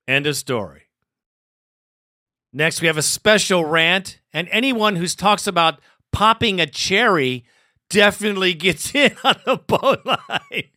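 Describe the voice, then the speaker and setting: A man hosting a sports talk show, introducing fan messages briskly and wryly. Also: on the high side, bright, forceful tone, clean tone, no echo, clean studio sound. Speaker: host.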